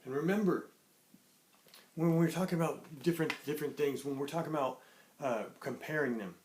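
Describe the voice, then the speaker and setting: A man's voice: fairly high pitch, darkish tone, a little hiss or hum. Cheerful man teaching small children. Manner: cheerful, sings a greeting song, slow clear sounding out of words. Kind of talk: online lesson for young children.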